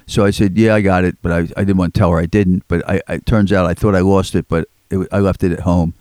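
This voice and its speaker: A man's voice: deep voice, fairly even intonation, fast, a little mellow, no echo. An older man, telling rambling stories as an interview guest and acting out quotes. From Philadelphia. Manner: rambling, repeats words, acts out quotes. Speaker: record collector guest. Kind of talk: storytelling in an interview. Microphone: studio microphone.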